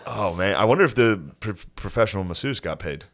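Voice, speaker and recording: Podcast co-host, man with a lowish voice, crude wisecracks, laughs often. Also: expressive, fairly quick. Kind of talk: casual comedic banter.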